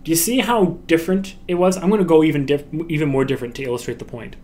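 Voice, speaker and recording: A man's voice: fairly high pitch, animated, quick pace, a little mellow. A man teaching animation in a recorded lecture, often acting out short lines and laughs to demonstrate, with frequent restarts. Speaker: animation instructor.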